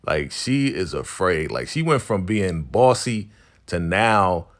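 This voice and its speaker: A man hosting a TV episode recap, retelling the story casually with slang and lively asides. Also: deep voice, takes it slowly. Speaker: TV recap channel host.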